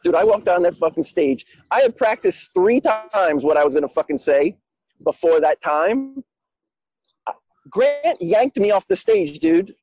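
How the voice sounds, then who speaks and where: A man's voice: high voice, animated, a little slow, darkish tone, husky, dry recording, highs cut off. A man telling a story in a loose, heavily profane, emphatic way. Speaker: guest speaker. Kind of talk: casual conversation.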